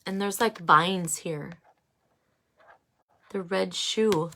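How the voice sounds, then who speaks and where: A woman giving a casual oracle card reading, musing and halting with many fillers. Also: on the low side, gravelly, a bit bright.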